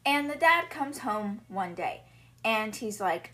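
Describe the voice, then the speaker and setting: A young woman talks through book chapters in a loose, chatty recap at a middle pitch. She fills her sentences with casual fillers as she retells the story. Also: lively intonation, slow, bright, forceful tone. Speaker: podcast host.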